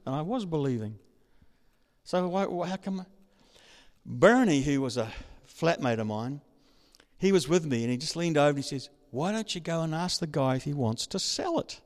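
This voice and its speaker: A man preaching a sermon, telling a personal story and building up to excited shouting. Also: a little high, normal speed. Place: large church hall. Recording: reverberant hall.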